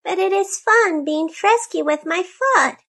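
A woman voicing a frisky, mischievous baby girl elephant in a storybook reading, with a high and playful manner. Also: measured pace, a bit bright, exaggerated voice.

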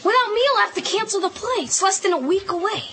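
A woman's voice: extremely high pitch, quick pace, a bit bright, a little hiss or hum. A woman voicing a cocky, scheming schoolboy who talks in smug wisecracks.

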